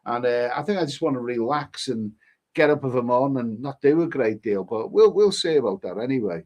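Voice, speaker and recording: A man's voice: mid-range voice, animated, a little fast, darkish tone, lo-fi sound. A man hosting a casual live stream, reading viewer comments aloud and chatting about them in a rambling way, repeating phrases and restarting his sentences. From England.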